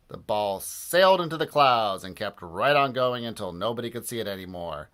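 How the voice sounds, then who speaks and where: A man reading a children's book aloud in a playful, animated way and doing voices for the characters. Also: fairly low pitch, normal speed. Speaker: storybook reader.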